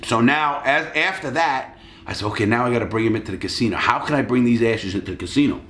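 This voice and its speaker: A man's voice: mid-range voice, fast talker, fairly bright tone, echoey room, a little hiss or hum. A middle-aged man telling stories in a rambling, casual way, swearing freely, recorded in a hotel suite. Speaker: storyteller. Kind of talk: profane casual storytelling.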